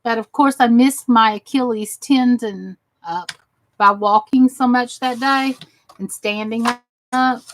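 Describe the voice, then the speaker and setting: With a slightly high voice and an unhurried pace, a tired woman works on crafts for her channel, talking to herself and wandering from thought to thought in a casual way. Background noise can be heard in the recording.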